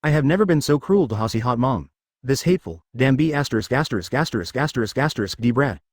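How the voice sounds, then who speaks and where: A man's voice: medium pitch, lively intonation, fast talker, no room sound, clean studio sound, close to an everyday voice. A man reading the lines of a furious, arrogant legendary male ninja ghost who hurls insults and threats, in a synthetic storybook voice. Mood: raging.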